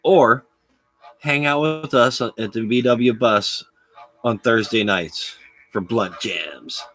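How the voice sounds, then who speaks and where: A man's voice: medium pitch, takes it slowly, a bit bright, no room sound, soft background music. A man chatting with viewers on a live stream, rambling and laughing often. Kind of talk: casual live-stream chat.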